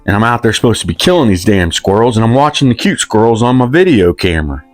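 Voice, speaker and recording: Casting: rambling man in his fifties, deep voice, dry close sound. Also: animated, quick pace, dry recording, soft background music. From West Virginia, USA. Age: 50s. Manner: rambling, self-deprecating, drawling country talk. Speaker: comedic storyteller. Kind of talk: rambling comic storytelling.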